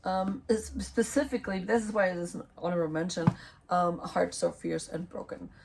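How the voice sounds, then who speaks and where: A young woman giving book recommendations in a casual vlog, rambling and hesitant with many ums and self-corrections, her voice going hoarse. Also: on the low side, little pitch movement, brisk, background noise. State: losing her voice. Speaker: book vlogger.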